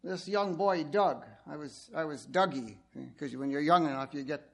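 A man's voice: fairly high pitch, normal speed, creaky. A man preaching a sermon, telling stories and speaking directly to his listeners. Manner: animated storytelling, addresses listeners directly.

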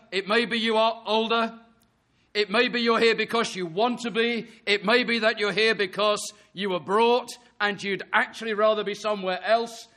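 A man's voice: high voice, pushed and bright. A man preaching an earnest sermon, reading scripture and pressing his listeners with emphatic rhetorical questions.

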